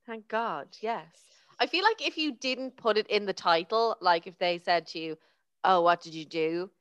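A woman's voice: medium pitch, lively intonation, moderate pace, a bit bright, smooth, no room sound, muffled recording. A woman in casual chat as a co-host, blunt and laughing often, swearing casually.

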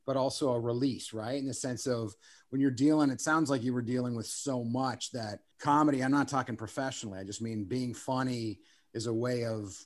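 A man's voice: mid-range voice, fairly even intonation, fairly quick. A man hosting a casual interview, asking probing, conversational questions. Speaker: podcast host.

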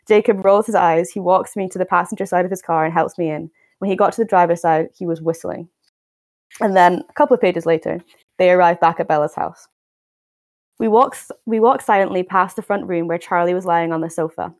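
A woman's voice: fairly low pitch, fairly even intonation, quick pace, a little mellow, dry recording. A young woman hosting a podcast, reading a novel aloud and then commenting with exasperated, wry remarks. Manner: wry, exasperated, stumbles and restarts while reading. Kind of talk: book reading and casual commentary.

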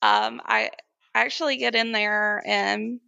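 Gravelly, bright-voiced young woman storyteller. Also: mid-range voice, slow pace, dry recording. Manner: animated, laughs often while telling, acts out quoted voices. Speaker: guest. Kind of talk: candid personal storytelling.

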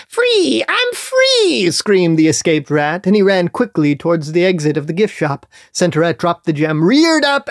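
Dude reading a gross comic bedtime story, deadpan and crude, dry close mic. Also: male voice, sits high, no room sound. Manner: deadpan, crude, rambling asides. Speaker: storyteller and podcast host.

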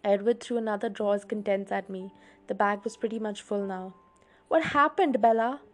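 Woman hosting a read-along, expressive storytelling voice, mid pitch. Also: fairly quick. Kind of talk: audiobook reading.

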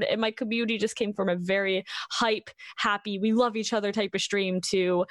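A young woman streamer telling a story in casual conversation, animated, acting out what people said with lots of "like". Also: mid-range voice, brisk, few pauses, no echo. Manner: animated storytelling, acting out quoted exchanges, many likes. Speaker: Twitch streamer.

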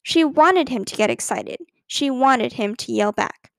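A woman narrator reads a children's storybook aloud in an expressive, lively way. Her voice is high and gravelly at a measured pace, recorded close and dry with no room sound.

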